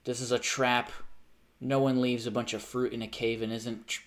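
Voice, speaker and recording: A man's voice: mid-range voice, little pitch movement, moderate pace. A man chatting casually with his live stream chat while gaming, joking and sarcastic.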